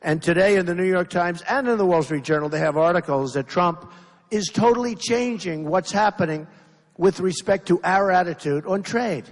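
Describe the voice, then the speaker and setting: Speaking at a moderate pace in a high voice, a man in his sixties running for office gives an improvised, emphatic rally speech full of repetition. Hecklers cut in, and the large indoor venue's reverberant hall carries faint crowd noise.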